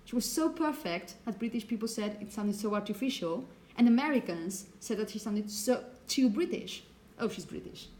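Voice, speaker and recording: A woman teacher giving a relaxed, hesitant lecture with frequent check-ins, whose first language is Spanish. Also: on the high side, moderate pace, hardly any pauses, rough recording. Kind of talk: recorded lecture.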